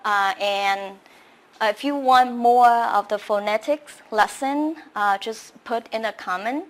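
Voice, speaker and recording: A woman teaching English pronunciation slowly, with many fillers. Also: on the high side. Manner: slow, halting, many fillers. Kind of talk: slow pronunciation lesson.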